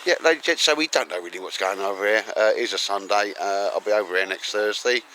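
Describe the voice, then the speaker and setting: A man's voice: lowish voice, quick pace, pushed and bright, poor audio. A man vlogging outdoors in woodland, rambling and joking and laughing often as he talks. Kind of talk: casual walk-and-talk vlog.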